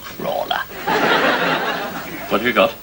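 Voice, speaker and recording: An actor playing a blunt, grumbling British army major in a 1980s TV sitcom. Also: male voice, takes it slowly, close to an everyday voice. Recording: very noisy old TV recording.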